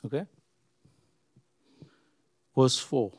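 A pastor preaching a sermon to his church, earnest and repeating his phrases, swinging from loud emphasis to quiet. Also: medium pitch, measured pace, dry recording.

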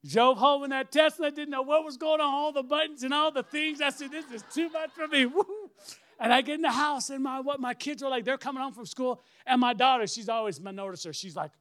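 High-voiced preaching man, shouting praise. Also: a little fast. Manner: animated storytelling, bursts into shouted praise. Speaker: pastor. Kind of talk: sermon testimony.

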